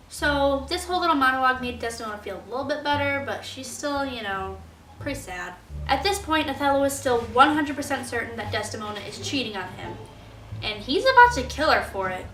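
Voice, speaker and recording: A woman's voice: high voice, animated, brisk, a bit bright, recorded from a distance. A young woman student retelling a play's plot in a casual, chatty way, full of fillers. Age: young adult. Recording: roomy echo, faint music.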